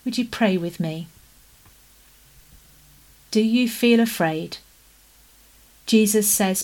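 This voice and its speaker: Brief: soft-spoken woman preacher, mid-range voice, calm and unhurried. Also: medium pitch. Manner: gentle, measured, slowing into soft prayer. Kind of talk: sermon.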